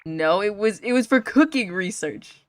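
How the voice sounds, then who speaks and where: Streamer doing a high, loud game chef voice, food-mad and boastful. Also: female voice, lively intonation, moderate pace, dry recording, lightly acted. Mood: eager. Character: excitable food-obsessed male chef.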